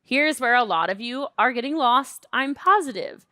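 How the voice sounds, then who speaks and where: A woman co-presenting a live workshop in a quick, teasing, lively way. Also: a little high, dry recording.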